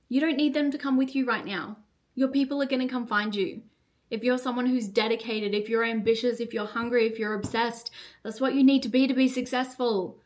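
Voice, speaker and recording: Fiery and foul-mouthed, this young woman runs a solo motivational podcast as a business coach. Her slightly high voice rushes along, packed with quick "like" fillers.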